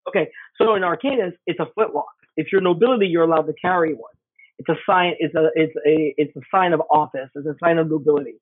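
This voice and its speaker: Speaking quickly with a fairly high pitch and no echo, this middle-aged game designer is a guest swapping stories in relaxed conversation. He's animated and performs the characters' voices in his anecdotes, his husky voice carried over a tinny, dry phone line.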